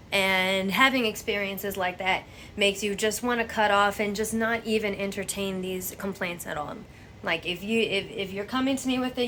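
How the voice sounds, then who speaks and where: A woman's voice: mid-range voice, a bit bright, slight background noise. A woman giving a blunt, profane, exasperated rant to camera as a vlogger.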